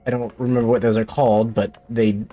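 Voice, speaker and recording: A man's voice: medium pitch, little pitch movement, brisk, warm tone. Jumpy man streaming a horror game. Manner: jumpy, talks to himself, jokey. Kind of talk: let's play commentary.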